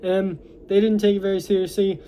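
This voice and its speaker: A man's voice: sits high, level tone, brisk, dark tone, slight background noise. A young American man recapping a movie plot in a casual, rambling way, full of fillers and restarts. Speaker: movie reviewer.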